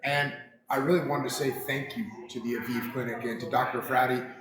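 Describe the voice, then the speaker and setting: A man giving a direct, brisk thank-you message. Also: medium pitch, steady tone, reverberant, crowd noise, poor audio. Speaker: guest giving a video message.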